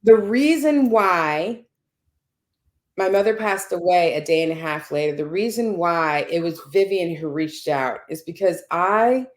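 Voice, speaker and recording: A woman's voice: fairly low pitch, lively intonation, unhurried. A woman guest telling a personal story in conversation, earnest and chatty, often checking in with "right?".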